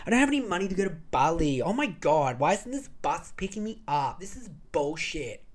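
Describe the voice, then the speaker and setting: A man's voice: a little high, sing-song, a little fast. Whiny self-absorbed office girl, as an Aussie man mocks her. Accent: Australian. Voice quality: mocking, whiny.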